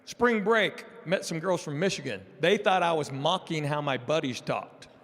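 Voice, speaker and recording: Speaking at normal speed in a fairly high voice, this East Tennessee comedian in his sixties tells funny stories as an interview guest. He jokes and animates his tales, and the sound carries the feel of a large hall.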